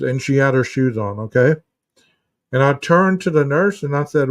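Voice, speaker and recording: At a normal speed and in a mid-range voice, a man hosts a laid-back live stream as a therapist. He wanders through stories and chat answers, often restarting and saying "you know." There's no room sound, but the distant mic makes it dull and muffled.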